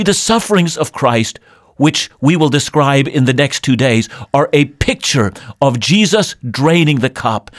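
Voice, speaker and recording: Earnest preaching man with lively pitch. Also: no room sound, clean studio sound. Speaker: pastor. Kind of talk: radio sermon.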